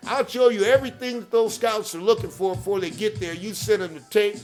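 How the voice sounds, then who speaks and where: A man hosting a podcast who pitches hard, repeats catchphrases, keeps asking "okay?" and shouts out people by name. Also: steady tone, a little fast, soft background music. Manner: hype-driven, repeats catchphrases, peppers with "okay?". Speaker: podcast host. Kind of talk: promotional monologue.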